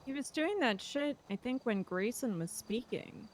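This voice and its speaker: A woman's voice: fairly high pitch, expressive, a little slow. A woman speaking in character during a game roleplay, blunt and incredulous as she questions what she hears.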